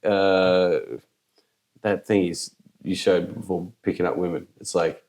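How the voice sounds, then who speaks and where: A man's voice: low-pitched, fairly even intonation, unhurried, a little mellow. A man co-hosting a casual podcast chat, rambling and laughing easily. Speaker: podcast co-host.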